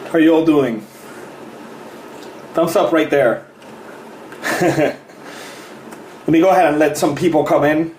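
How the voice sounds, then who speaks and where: A man's voice: a little high, fairly even intonation, measured pace, long pauses, a little mellow. A man, a fitness coach, chatting casually on a live stream, greeting viewers by name and laughing often. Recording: roomy echo with faint noise.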